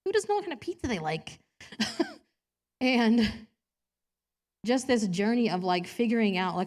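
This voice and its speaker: A woman's voice: on the high side, expressive, measured pace, pauses often, darkish tone. A woman preaching a personal sermon in a church, chatty and self-deprecating, laughing often and acting out quotes in different voices.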